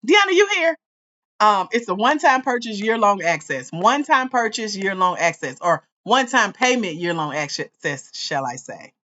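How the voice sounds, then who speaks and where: A woman hosting a livestream as a grants coach, talking straight to her viewers in an excited, chatty way. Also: mid-range voice, normal speed, few pauses, muffled recording. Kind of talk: casual livestream chat.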